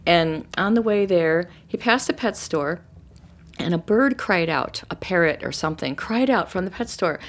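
A middle-aged woman telling a personal story in a casual, animated way, acting out what people said. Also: fairly low pitch, normal speed. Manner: animated, acts out quoted voices. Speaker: storyteller guest.

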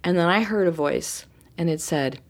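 A middle-aged woman telling a personal story in a casual, animated way, acting out what people said. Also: lowish voice, moderate pace. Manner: animated, acts out quoted voices. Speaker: storyteller guest.

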